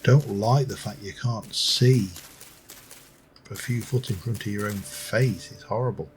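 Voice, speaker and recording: A man's voice: on the low side, unhurried, slight background noise. A middle-aged man giving rambling, musing let's play commentary with dry asides. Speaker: gameplay commentator.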